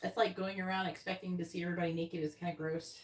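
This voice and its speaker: A woman's voice: on the low side, little pitch movement, fast, slight background noise. A woman hosting a live tarot stream, chatting casually and bluntly with viewers and swearing freely. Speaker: tarot reader host.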